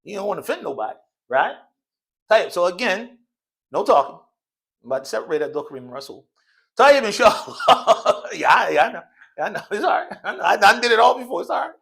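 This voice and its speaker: A man's voice: sits high, sing-song, fast, gravelly, pauses often, a bit bright. Guy teaching arabic to a class, jokey and slangy, laughs a lot, voice jumps all over. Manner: playful, joking, laughs often; slangy casual speech. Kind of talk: classroom Arabic lesson, call and response. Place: mosque classroom.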